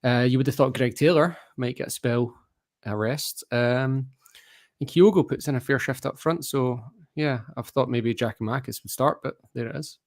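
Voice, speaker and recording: A man's voice: mid-range voice, normal speed, no room sound, studio quality. An Australian man chatting enthusiastically about football on a video call, rambling and correcting himself as he goes. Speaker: football fan panelist. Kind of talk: casual fan podcast chat.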